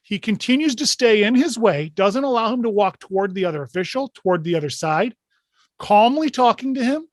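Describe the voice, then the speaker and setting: A man's voice: sits high, lively intonation, fairly quick, no echo. A man hosting an online meeting for basketball officials, talking through a clip in a conversational way with frequent rhetorical questions. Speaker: meeting host. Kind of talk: instructional talk to officials. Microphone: video call.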